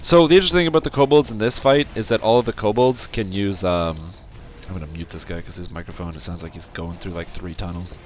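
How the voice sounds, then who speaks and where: A man with a sore, scratchy throat giving casual, rambling commentary while he plays a game, with sudden excited outbursts. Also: sits low, fast, hardly any pauses. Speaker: game streamer.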